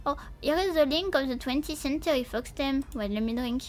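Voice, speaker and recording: High-voiced playful woman streamer. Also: normal speed, soft background music. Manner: playful, silly, swears often, talks to chat. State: sleepy, yawning. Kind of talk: casual livestream chat.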